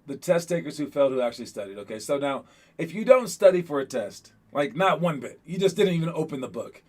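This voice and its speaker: A man coaching young basketball players in a casual pep talk, energetic and rambling, often checking in with "all right?". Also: a little high. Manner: rambling, repeats words while thinking.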